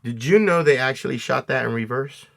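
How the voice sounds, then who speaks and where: Dude recapping a movie, cussing a lot, yells out the quotes, normal mid voice. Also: male voice, mid-range voice, fairly quick, vocal fry. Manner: animated retelling, acts out scenes with loud outbursts, swears a lot. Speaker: podcast co-host. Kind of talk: casual movie review chat.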